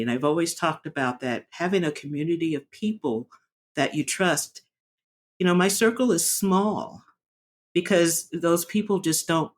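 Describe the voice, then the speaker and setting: A woman speaking candidly in a personal vlog, reflective and earnest, often pausing and restarting her sentences. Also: deep voice. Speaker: vlogger sharing a personal story.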